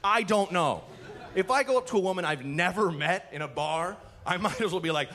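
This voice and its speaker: A man from Portland doing a stand-up comedy set, telling animated stories and acting out characters, with swearing. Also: high voice, a little fast, heavy background noise. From Portland, USA. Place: comedy club stage.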